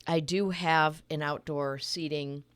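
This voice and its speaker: A woman's voice: low-pitched, steady tone, slow pace, fairly bright tone, clean tone, no room sound. A woman co-hosting a casual wine-tasting chat, giggly and laughing often. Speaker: wine shop owner and co-host.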